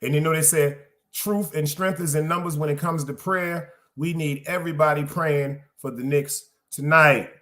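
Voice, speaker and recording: A man's voice: fairly high pitch, fairly even intonation, normal speed, few pauses, sharp tone. A middle-aged man, hosting a podcast in loose, streetwise solo chat, repeating phrases for emphasis. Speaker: podcast host. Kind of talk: casual solo livestream chat.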